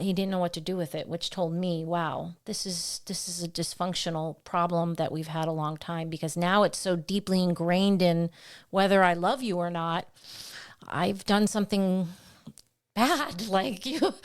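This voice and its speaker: A woman co-hosting a faith podcast, telling personal stories in an earnest, heartfelt way and acting out the voices in her retellings. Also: lowish voice. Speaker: podcast co-host. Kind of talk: faith conversation, personal storytelling.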